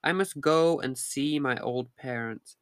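A man's voice: medium pitch, a little slow, clear, resonant tone, no room sound, studio quality, lightly acted. A man reading the lines of a dutiful young fisherman in a storybook, in formal, polite speech. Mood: pleading, polite.

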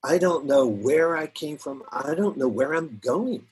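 A middle-aged man speaking as a guest pastor in an earnest, reflective faith conversation, often laughing softly and repeating words. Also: on the high side, animated, measured pace, husky.

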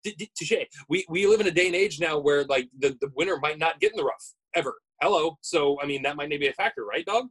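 A man's voice: a little high, fast, few pauses, a bit bright, slightly rough, poor audio. A man co-hosting a podcast in casual chat, playful and teasing, often stammering over restarts. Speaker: podcast co-host.

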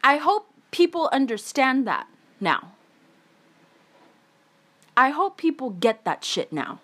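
A woman's voice: high voice, big pitch swings, takes it slowly, fairly bright tone. A young woman in a heated, emphatic monologue, swearing often as she rants. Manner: angry, swearing, emphatic ranting.

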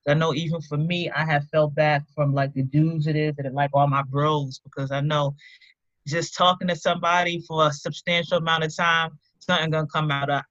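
A woman's voice: low-pitched, steady tone, brisk, fairly bright tone, no echo. A woman co-hosting a podcast, talking bluntly and emphatically in casual slang. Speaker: podcast co-host. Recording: slightly dull lo-fi sound.

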